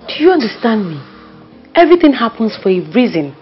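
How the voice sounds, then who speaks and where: An actress playing a best friend who coaxes and comforts, speaking with a Nigerian accent and Pidgin turns. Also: female voice, on the high side, fairly quick, lo-fi sound, soft background music. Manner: emphatic, coaxing, lively. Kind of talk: Nollywood film acting.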